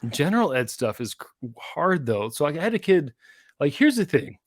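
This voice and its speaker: A man in his forties, co-hosting a podcast in casual chat, telling animated stories and acting out shouted quotes. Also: a little high, moderate pace, no echo, studio quality. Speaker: podcast co-host.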